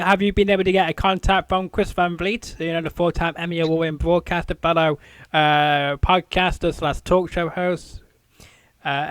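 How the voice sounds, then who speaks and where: A man's voice: on the high side, a bit bright, smooth, no room sound. Rambling male show host, dry sound. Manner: rambling, filler-heavy, repeats "I think". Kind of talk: casual interview chat.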